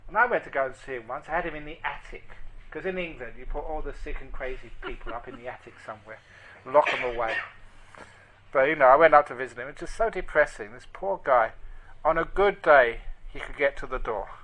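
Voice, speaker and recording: A man giving a storytelling dharma talk as a monk, speaking gently and dropping to a near whisper at tender moments. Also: mid-range voice, brisk, rough recording. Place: meditation group hall.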